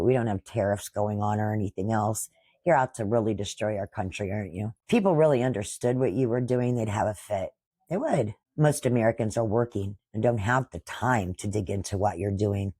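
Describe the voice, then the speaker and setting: A woman in her sixties hosts a podcast, delivering a combative political monologue in a husky, slightly breathy voice. She talks at a middling pitch and scolds her targets head-on. The sound is close and dry, with no room around it. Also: expressive, normal speed, warm tone, no room sound. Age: 60s. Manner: combative, scolding, addresses opponents directly. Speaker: podcast host.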